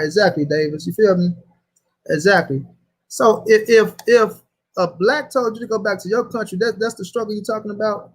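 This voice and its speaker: A man runs a casual livestream and argues hard. His voice sits fairly high, and he swears freely as he reads viewer comments aloud. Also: moderate pace. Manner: heated, profane, reads chat aloud. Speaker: host.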